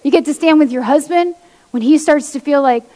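A woman, a pastor's wife, giving an animated testimony sermon to women and acting out quoted voices as she tells stories. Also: high voice, brisk. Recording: long hall reverb.

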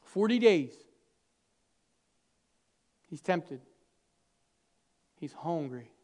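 Guy preaching a sermon, pretty high voice, goes quiet then gets loud and playful acting out little scenes. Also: very slow. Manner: dynamic, swings from hushed to loud and animated; acts out quoted dialogue with humor.

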